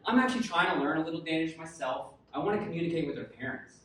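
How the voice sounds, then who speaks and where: A man doing a stand-up comedy set, dry setups that build to shouted punchlines. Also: fairly high pitch, lively intonation, very fast, noisy background. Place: comedy club stage. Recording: echoey room from far off.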